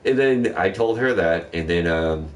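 A young man in casual chat, telling a profane, animated story about a rude customer. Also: deep voice, a little slow, recorded from a distance.

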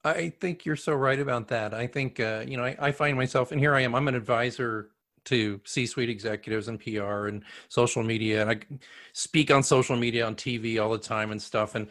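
A man's voice: medium pitch, fairly even intonation, brisk, fairly bright tone. Rambling man hosting an interview. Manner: rambling, many restarts and "you know". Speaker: host, communications advisor. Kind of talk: interview hosting, casual chat.

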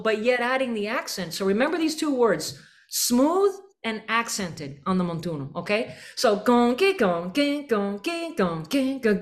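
Woman, band clinician, energetic coaching, scats rhythms, rehearsal room. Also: medium pitch. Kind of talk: rehearsal coaching with sung examples.

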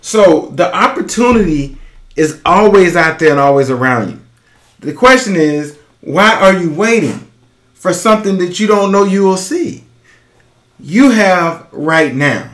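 Urgent slow-talking man, echoey room. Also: high voice, animated, fairly bright tone. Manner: urgent, emphatic, repeats key phrases. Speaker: podcast host and business coach. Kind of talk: motivational podcast monologue.

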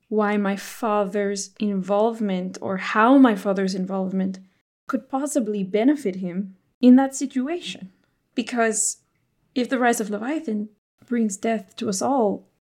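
An earnest young noblewoman who talks in a measured, careful way, as a woman plays her. Her voice sits at an ordinary pitch, close to the player's own. It is heard in a tabletop role-playing game. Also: darkish tone, close to an everyday voice. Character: earnest young noblewoman, worried about her scheming father.

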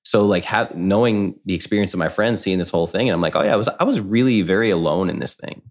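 Very low-voiced man telling a candid story. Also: fast talker. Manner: candid, rambling, heavy use of "like", acts out quoted voices. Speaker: podcast guest. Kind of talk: casual personal storytelling.

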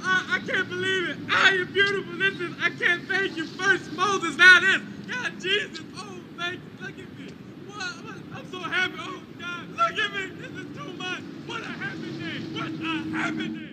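Fast-talking street con man. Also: very high-pitched, crowd noise. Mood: ecstatic. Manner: fast, rambling, made-up boasting. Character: street con man faking a blind legless veteran. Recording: film clip with street noise.

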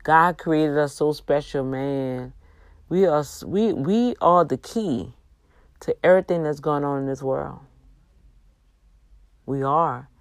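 A low-voiced woman, heard in a dry recording, hosts a laid-back faith talk on her livestream. Earnest and preacherly, she exhorts with long, drawn emphasis despite being a little tired and yawning.

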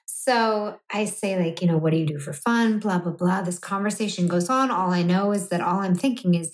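A woman's voice: on the low side, unhurried. A woman, co-hosting a podcast and telling an explicit story in a blunt, self-mocking way. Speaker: podcast co-host. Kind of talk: candid comedic storytelling.

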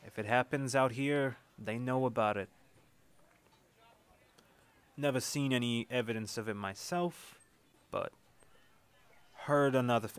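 A man voicing a male frontier informant who talks slowly and haltingly. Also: medium pitch, smooth, lightly acted. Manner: slow and halting, with hesitations.

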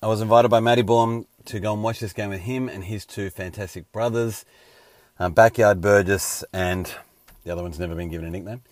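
A man's voice: lowish voice, steady tone, fairly quick, dry recording. A man hosting a casual sports round-up, a little scratchy and hungover, with wry joking asides. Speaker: host.

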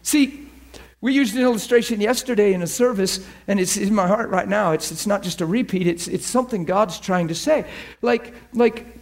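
A man's voice: sits high, normal speed. A male preacher giving a sermon, often repeating words and checking in with his listeners.

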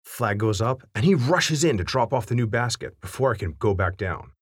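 A man reading a family anecdote aloud with wry, animated storytelling. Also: mid-range voice, moderate pace, breathy edge, dry recording, studio quality.

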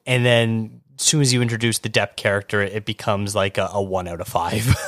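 A Canadian man in casual podcast chat reviewing a movie, animated and quick to laugh, often restarting his sentences. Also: fairly low pitch, dry recording. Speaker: podcast co-host.

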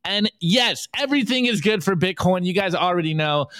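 Fast, joking male podcast co-host. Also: high-pitched, lively intonation, a bit bright, no room sound. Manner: joking, quick, reads memes aloud in put-on voices. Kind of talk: casual meme review on a live show.

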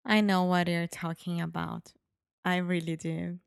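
Portuguese lady talking slow, lots of fry in her voice, casual podcast. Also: lowish voice, flat delivery, no echo, clean studio sound. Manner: slow, laughs easily, hesitant. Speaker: podcast co-host. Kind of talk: casual conversational chat.

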